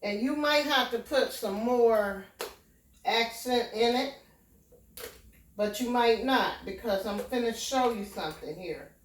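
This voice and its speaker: Slow, unhurried woman cooking in an echoey kitchen. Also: fairly high pitch, far from the mic, slight background noise. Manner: homey, step-by-step, often checks in with "okay?". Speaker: home cook. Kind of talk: casual cooking demonstration. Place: home kitchen. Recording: echoey kitchen, voice from away from the mic.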